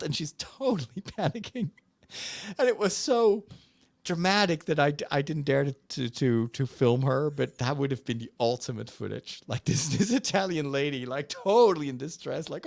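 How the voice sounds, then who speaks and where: A priest hosting a casual chat, telling a story animatedly with laughs and restarts. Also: male voice, on the high side, big pitch swings, normal speed, creaky, no echo, studio quality. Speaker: priest and host.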